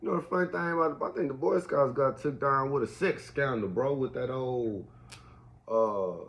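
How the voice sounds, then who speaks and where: A man's voice: mid-range voice, moderate pace, vocal fry, a bit bright. A man, rambling casually with lots of slang and a slight cough. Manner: laid-back, slangy, says man and bro a lot. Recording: dull lo-fi audio.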